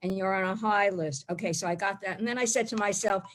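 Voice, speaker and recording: A woman's voice: mid-range voice, fast talker. A woman in her forties from the Bronx doing a blunt, rambling stand-up set over a video call. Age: 40s. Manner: brash, rambling, blunt storytelling. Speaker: stand-up comic.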